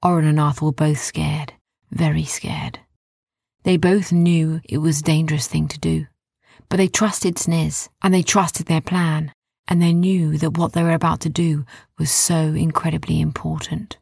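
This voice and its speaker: A woman softly narrating a children's bedtime story in a hushed storytelling voice. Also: deep voice, level tone, a little slow, creaky, husky, no echo, studio quality.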